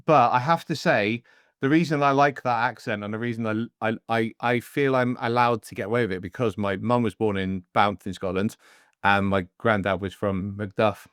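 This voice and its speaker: A podcast host from Devon, England, speaks with a lowish, smooth, fairly bright voice in a steady tone at a moderate pace. The recording is dry and close on a studio mic, with headphones in use. His casual chat is rambling and jokey, and he often slips into voices while telling stories.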